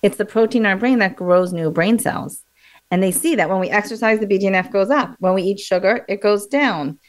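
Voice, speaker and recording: A woman being interviewed as a memory coach, explaining in a lively, teacherly way and acting out examples. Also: mid-range voice, fairly quick.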